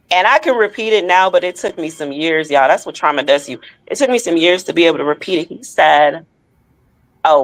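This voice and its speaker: A woman co-hosting a podcast, telling a painful personal story with emotion and speaking straight to her listeners. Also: low voice. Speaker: podcast co-host.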